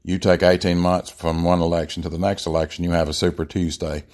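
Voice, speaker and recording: Deep-voiced blunt man ranting. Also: level tone, fairly quick, a little mellow. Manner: blunt, emphatic, with frequent fillers and restarts. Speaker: podcast host. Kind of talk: opinionated political monologue.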